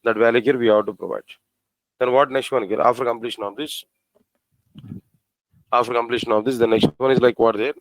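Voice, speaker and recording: Male coding instructor, mid-pitched, talks through code step by step with lots of questions to the class, dry sound. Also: fairly even intonation, no echo, low-quality recording. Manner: repetitive, asks the class questions, spells out code slowly. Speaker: programming teacher. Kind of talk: live coding lesson.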